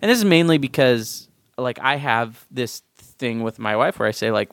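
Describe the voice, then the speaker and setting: A man hosting a podcast in casual chat, talking in an animated, excitable way that jumps up in pitch when he makes a point. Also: normal speed, few pauses, clear, resonant tone, dry recording, clean studio sound. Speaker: podcast host.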